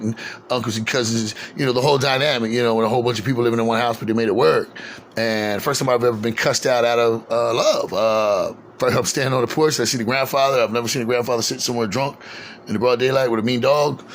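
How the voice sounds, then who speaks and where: Fast, gravelly man telling street stories. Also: mid-range voice, slight background noise. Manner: slangy, profane, rambling with many fillers. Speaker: storyteller recalling his neighborhood. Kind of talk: casual spoken memoir.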